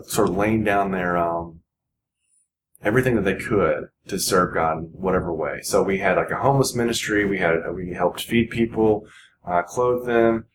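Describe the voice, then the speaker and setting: A man in his forties with a somewhat low voice speaks as a podcast guest. His talk is earnest and rambling, with many restarts. The sound is roomy and echoey, and clear background noise runs underneath. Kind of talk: casual podcast conversation.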